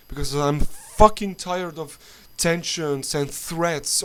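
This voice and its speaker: A man's voice: fairly high pitch, fairly bright tone. A man vlogging an angry political rant, swearing often and stumbling through restarts. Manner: angry, profane, halting with restarts.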